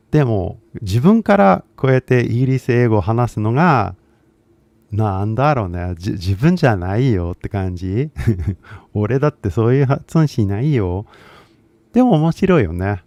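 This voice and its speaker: A man's voice: fairly low pitch, gravelly, a little mellow, no room sound. A man with a Californian accent, an English teacher chatting casually and filling his talk with fillers as he switches languages. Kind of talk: casual livestream chat.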